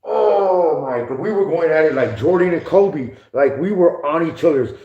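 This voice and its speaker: A man's voice: a little high, animated, moderate pace. A man casually telling stories with heavy slang and profanity, often laughing and mimicking others. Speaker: podcast guest telling prison stories. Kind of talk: casual storytelling. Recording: echoey room, dull lo-fi sound.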